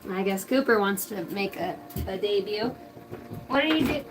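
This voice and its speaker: A woman in her thirties, a psychic medium doing a casual live reading, rambling and profane, swinging between loud outbursts and soft asides. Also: medium pitch, animated, moderate pace, over music. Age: 30s.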